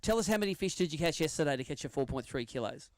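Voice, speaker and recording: A man with an Australian accent and a fairly high, expressive voice talks fast, with no echo. Emceeing a live outdoor fishing weigh-in, he chats and jokes while reading out weights and standings.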